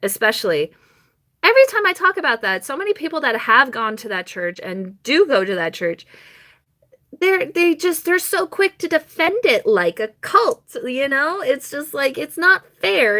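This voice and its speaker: A young woman chatting on a live stream, telling a rambling personal story with quick laughs and mock quotes. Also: high-pitched, sing-song, sharp tone.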